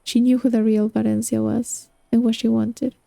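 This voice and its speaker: A woman reading a novel aloud as a book narrator, speaking in an unhurried way. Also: on the high side, little pitch movement, creaky, warm tone, dry recording. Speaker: audiobook reader.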